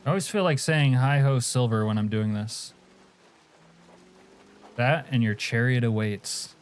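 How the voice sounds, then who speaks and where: A man's voice: mid-range voice, a little slow, clear, resonant tone. A man from Alaska streaming a game, chatting casually and crudely with viewers, joking and laughing often. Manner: profane, joking, answers chat, laughs often. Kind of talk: casual live-stream chat.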